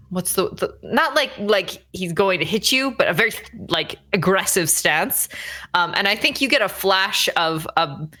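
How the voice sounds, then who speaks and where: A woman narrates a tabletop game as game master, stopping and restarting often and padding with fillers. Her voice is bright and forceful and sits fairly low. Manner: halting, full of fillers.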